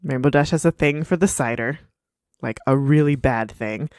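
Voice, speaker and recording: A woman's voice: very deep voice, normal speed, a little mellow, no room sound, clean studio sound. A woman co-hosting a podcast, chatting casually as she narrates cartoon scenes and laughs along. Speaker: podcast co-host. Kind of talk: casual episode recap.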